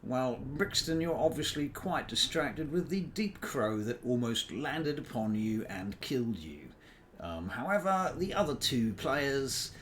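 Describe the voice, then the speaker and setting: A man narrating as game master of a tabletop game, measured and deliberate. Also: fairly low pitch, a little hiss or hum.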